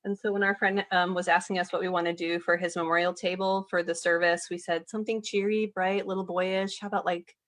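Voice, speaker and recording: A young woman with a slightly low voice speaks as a guest in a relaxed podcast chat. She sounds earnest and lets out small soft laughs as she goes. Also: fairly quick, hardly any pauses. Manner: earnest, laughs softly while retelling. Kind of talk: casual podcast conversation.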